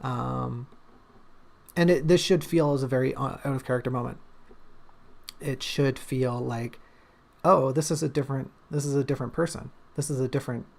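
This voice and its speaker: A man's voice: mid-range voice, gravelly, a little mellow. A man talking casually on a livestream about his writing draft, thinking aloud with lots of fillers and restarts. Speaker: writer discussing his draft on stream.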